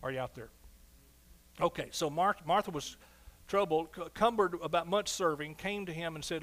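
A middle-aged man preaching a sermon as pastor, animated, swinging between soft asides and loud exclamations. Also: on the high side, normal speed.

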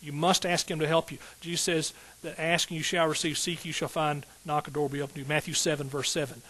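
A middle-aged man preaching a sermon from the pulpit. His voice sits a little high for a man, and he drives his points hard, calling out to the congregation and swelling into sudden bursts. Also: flat delivery, fast, pushed and bright, poor audio. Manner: emphatic, call-and-response preaching with rising outbursts. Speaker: pastor.

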